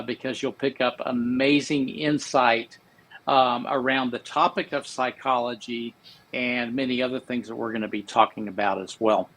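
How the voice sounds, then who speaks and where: A man's voice: medium pitch, a bit bright, poor audio. A man hosting a live interview, praising his guest at length with rambling fillers. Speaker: host.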